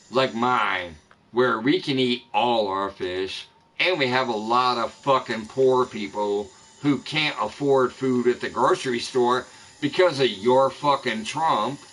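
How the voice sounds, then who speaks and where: Slow-paced but lively in intonation, this man has a mid-range, fairly bright voice as he streams a fishing game. His live rant at rival streamers is angry and full of profanity, captured in a low-quality recording with a little hiss or hum.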